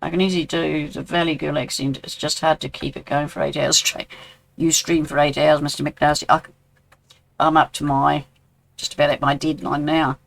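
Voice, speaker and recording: A man's voice: on the high side, flat delivery, normal speed, vocal fry, a bit bright, low-quality recording. A man in his sixties with a New Zealand accent, chatting casually with viewers while streaming a game and answering their messages. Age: 60s. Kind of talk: casual live-stream chat.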